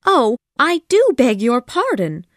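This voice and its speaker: A woman reading an audiobook voices an eager, excitable young girl in a raised, bright tone. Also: high-pitched, moderate pace, no echo, clean studio sound, pitched above the performer's own voice. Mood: excited.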